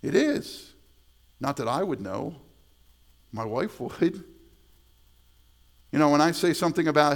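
A man's voice: on the high side, expressive, unhurried, gravelly, pauses often. A middle-aged male pastor preaching a sermon in a conversational way, repeating words and adding asides. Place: church sanctuary.

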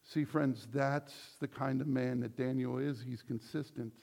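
A male pastor preaching a sermon, animated, acting out quoted voices as he teaches. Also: mid-range voice, a little slow, vocal fry.

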